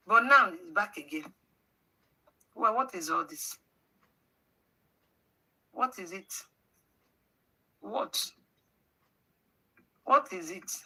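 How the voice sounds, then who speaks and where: Bright-voiced Nigerian woman scolding on a livestream. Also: medium pitch, lively intonation, slow pace, long pauses, slightly rough, rough recording. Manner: scolding, rhetorical questions, mixes in pidgin. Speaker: livestream host. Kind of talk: livestream commentary.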